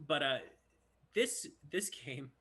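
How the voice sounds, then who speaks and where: Man, voice actor, casual storyteller, lively pitch, bright. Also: slow. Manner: animated storyteller who acts out quotes. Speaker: voice actor guest. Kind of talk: casual chat.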